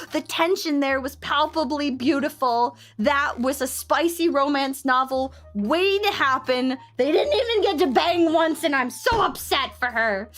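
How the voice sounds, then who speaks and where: Young woman, high voice, streamer chat, animated exaggerated ranting, faint background music. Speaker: VTuber streamer. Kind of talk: casual chat with live chat.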